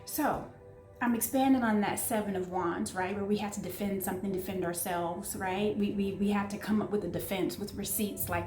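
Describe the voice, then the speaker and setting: A woman giving an excitable, gushing tarot reading, talking straight to her viewers. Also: medium pitch, brisk, echoey room, music in the background. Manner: excitable, gushing, breathless asides. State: out of breath. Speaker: tarot reader.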